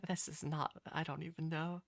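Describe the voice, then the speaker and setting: A woman's voice: low voice, flat delivery, normal speed, creaky, no echo, clean studio sound. A woman streamer chatting through a game live, giggly and self-conscious, stumbling over her words.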